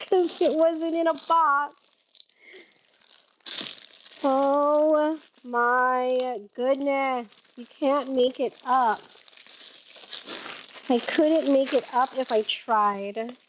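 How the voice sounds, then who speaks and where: A woman with a high, bright-pitched voice chats through a live-stream sale, giggling and laughing at her own mix-ups. The sound is a little dull and lo-fi. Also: steady tone, drawn-out words, pauses often, background noise. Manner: giggly, chatty, laughs at herself. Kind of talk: casual live-stream selling chat.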